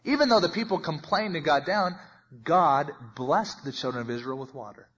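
A man preaching a sermon and teaching verse by verse, talking in a conversational way and acting out the voices in the passage, with big swings in loudness. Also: a little high, expressive, normal speed, slightly rough. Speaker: pastor. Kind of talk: expository Bible teaching. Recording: muffled lo-fi recording.

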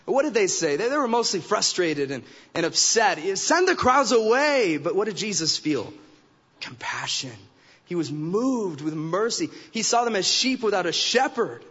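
A man's voice: sits high, animated, normal speed, a bit bright, breathy edge. A man delivering a sermon as a guest preacher, emphatic and repeating phrases for stress. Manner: emphatic, acts out quoted remarks in character voices. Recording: dull recording with long hall reverb.

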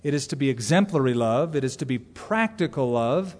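A middle-aged man preaching a sermon as pastor, talking conversationally with sudden loud asides. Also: medium pitch, expressive, brisk. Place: church sanctuary. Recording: long hall reverb from a church.

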